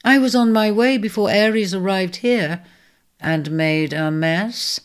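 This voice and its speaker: A woman voicing a crisp, teasing woman of the house who quips lightly in a storybook reading. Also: mid-range voice, a little slow, pitched above the performer's own voice, lightly acted. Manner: crisp, quipping.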